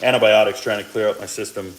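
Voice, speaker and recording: A cooking vlogger in his forties chats casually to viewers at the stove in his home kitchen, over the faint sizzle of frying food. His voice is lowish, fairly even and quick, the recording rough, and he rambles through asides with a slight cough from a sore throat.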